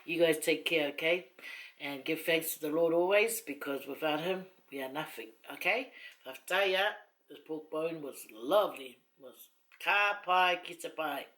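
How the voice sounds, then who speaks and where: A woman's voice: sits low, moderate pace. A middle-aged woman with a Samoan accent, telling stories casually to the camera in a rambling, teasing way, laughing often. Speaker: mukbang vlogger. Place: indoors at home, seated on a long chair.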